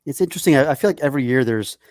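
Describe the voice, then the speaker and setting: A man co-hosting a sports podcast in casual chat, talking in an animated way. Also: medium pitch, very fast, no echo, clean studio sound. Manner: animated, lots of "like" fillers. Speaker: podcast co-host.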